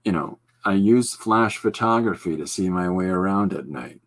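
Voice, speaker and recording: A man voicing a melancholy, deadpan male stand-up comedian, low and flat. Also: normal speed.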